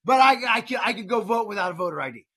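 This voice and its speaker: A middle-aged man with an unusually high, bright voice rants on a political podcast. He sounds heated and fired up, and he stumbles over repeated words as he pushes his point. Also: lively intonation, rapid-fire, breathy edge. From United States. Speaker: podcast host.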